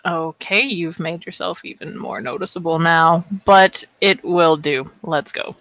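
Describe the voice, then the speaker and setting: Lady playing a stoic ghast, curt and flat, kinda low and slow, dry sound. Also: dry recording. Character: stoic, terse female ghast guide.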